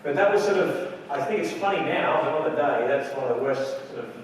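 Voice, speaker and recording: A man speaking on stage in a large convention hall, telling a story with lively acted-out quotes. His voice sits a little high and is heard from a distance, with a long, roomy echo and faint noise behind it. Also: brisk. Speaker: wedding photographer giving a lecture. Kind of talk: anecdotal stage talk. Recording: echoey hall recorded from far off. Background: audience laughter.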